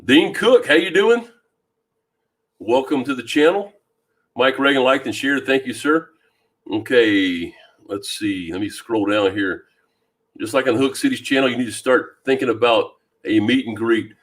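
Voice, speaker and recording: A man from Louisiana hosting a fishing live stream, chatting casually and greeting viewers by name with a deep voice and plenty of ums. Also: normal speed. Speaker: fishing channel host. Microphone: new microphone.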